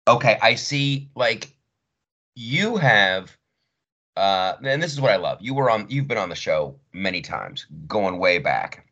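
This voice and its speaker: A man's voice: fairly low pitch, very animated, a little slow, pushed and bright, highs cut off. A man hosting his podcast in a rambling, joking, chatty way. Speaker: podcast host. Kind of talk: casual chat.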